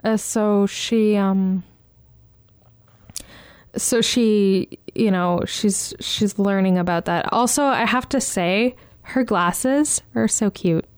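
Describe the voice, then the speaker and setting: A woman's voice: medium pitch, takes it slowly, smooth, dry recording. A woman co-hosting a casual TV recap chat, talking in a chatty, hesitant way with plenty of fillers. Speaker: podcast co-host.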